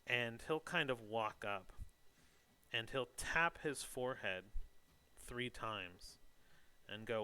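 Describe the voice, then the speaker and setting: A man's voice: medium pitch, slow, pauses often, sharp tone, smooth. A man narrating a tabletop game as game master, in a loose, descriptive way. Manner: loose, descriptive, lots of "like" and "kind of".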